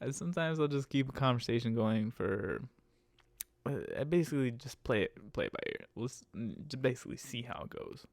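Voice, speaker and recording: Brief: male podcast host, rideshare driver, rough gravelly voice, lively exasperated profane rant. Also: moderate pace, dry recording. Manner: profane, exasperated, laughs often; animated, jumps into higher pitch when mocking. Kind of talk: casual ranting monologue.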